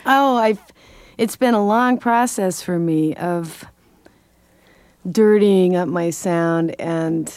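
An older woman from California talks through her life as a jazz singer and voice teacher. Her voice sits a little low, and the sound is dry and close. She explains things patiently and laughs easily. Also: slow pace, a little mellow, no echo. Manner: thoughtful, explanatory, laughs often. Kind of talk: interview conversation.

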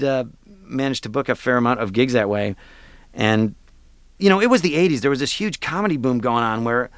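A man's voice: mid-range voice, dry recording, clean studio sound. A man, a voice actor, chatting in a radio interview in a self-deprecating way with fillers and laughs. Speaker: voice actor guest.

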